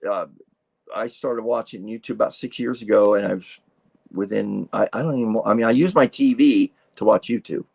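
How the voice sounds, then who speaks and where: A man's voice: medium pitch, creaky, darkish tone, no room sound. A man in his sixties hosting a casual live stream, chatting in a rambling way as he reacts to viewer comments. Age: 60s. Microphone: streaming setup mic.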